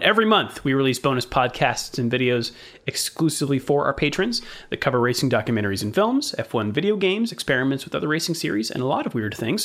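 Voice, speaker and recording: A man's voice: fairly high pitch, a bit bright. A man co-hosting a podcast, reading the welcome and sponsor notes and trading dry quips. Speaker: podcast co-host. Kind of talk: casual chat with scripted intro.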